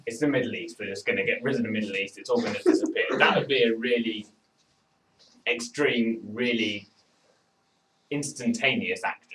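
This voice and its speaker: A man's voice: mid-range voice, normal speed, fairly bright tone, a little hiss or hum. A man in a casual group discussion, thinking aloud with stumbling restarts. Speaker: discussion participant. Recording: slightly distant mic.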